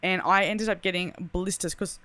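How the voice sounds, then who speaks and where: A young woman telling a story in casual chat, animated and full of "like", acting out the voices in it. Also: lowish voice, moderate pace, no echo. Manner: animated, chatty, lots of "like", acts out quoted voices.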